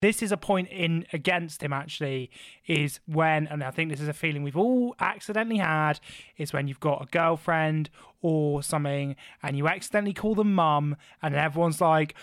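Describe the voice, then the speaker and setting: A man's voice: a little high, moderate pace, no room sound. A man hosting a podcast in a joking, rambling way. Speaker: podcast host. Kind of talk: casual podcast chat.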